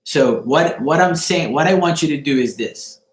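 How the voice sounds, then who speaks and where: A man's voice: fairly high pitch, expressive, normal speed. Emphatic swearing man in an echoey room. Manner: emphatic, repeats "right?", swears freely. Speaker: host of a live chat show. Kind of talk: casual live-stream advice to a viewer.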